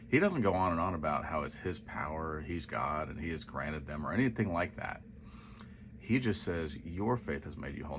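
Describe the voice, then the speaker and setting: A man with a notably low, deep voice talks through a scripture passage in a relaxed, conversational way. He retells the story, slips into quoted voices and adds musing asides. A faint background ambience sits under his voice. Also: slight background noise. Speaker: Christian social media speaker. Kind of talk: casual Bible reflection to camera.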